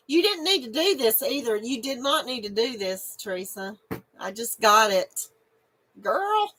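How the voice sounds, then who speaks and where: A woman's voice: fairly high pitch, sing-song, slow, pauses often, fairly bright tone, poor audio. A middle-aged woman, hosting a casual live stream and chatting with viewers, giggly and emotional and laughing often. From North Carolina, USA.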